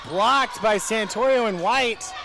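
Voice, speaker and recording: A man's voice: sits high, slow pace, noisy background. A man calling a college volleyball match in a casual, jokey, rambling way. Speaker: play-by-play commentator. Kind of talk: casual sports commentary.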